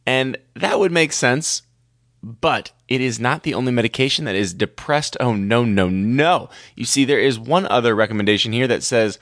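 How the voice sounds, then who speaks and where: A man's voice: medium pitch, normal speed, fairly bright tone, no room sound, clean studio sound. A man, likely middle-aged, giving a playful, theatrical lecture on medical guidelines as a medical educator, with dramatic asides.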